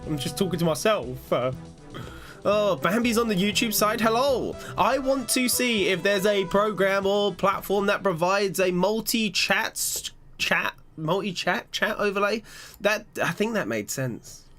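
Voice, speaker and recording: A man's voice: high voice, a little slow, soft background music. A young man chatting with his live-stream viewers as he plays, rambling and joking at himself. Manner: rambling, self-mocking, animated. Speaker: gaming streamer. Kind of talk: live-stream chat while gaming.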